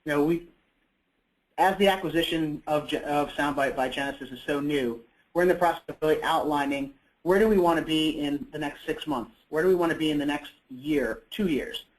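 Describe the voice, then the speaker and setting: A man's voice: on the high side, fairly quick, poor audio. A man presenting a product in a webinar, talking conversationally with frequent fillers and self-corrections.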